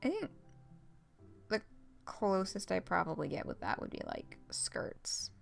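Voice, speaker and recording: A young woman talks casually to her stream while playing a game, rambling through her thoughts with fillers and little laughs. Her delivery is unhurried and her pitch swings widely, with a gravelly fry on the ends of phrases. Faint game music sits under her voice. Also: wildly swooping pitch. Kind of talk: casual let's-play chat.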